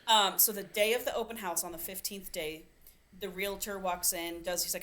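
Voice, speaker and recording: A woman's voice: mid-range voice, moderate pace. A woman co-hosting a podcast, animatedly retelling a novel's plot in casual chat, acting out the characters' lines and swearing freely. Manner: animated storyteller, acts out quotes, swears casually. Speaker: podcast co-host.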